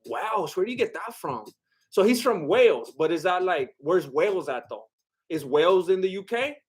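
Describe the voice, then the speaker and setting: A man with a high voice for a man chats loosely on a live stream. He rambles, jokes and restarts his sentences as he reacts to chat. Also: very animated, moderate pace, slightly rough. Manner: rambling and joking, with lots of "like" and restarts; loose, chatty, breaks into bits of song.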